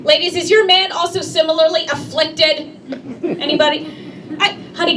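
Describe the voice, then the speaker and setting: A woman's voice: high-pitched, moderate pace. A woman performing a stand-up comedy set, brash and conversational, talking straight to the crowd. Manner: brash, conversational, addresses the audience directly. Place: comedy club stage. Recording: distant mic, noisy room ambience.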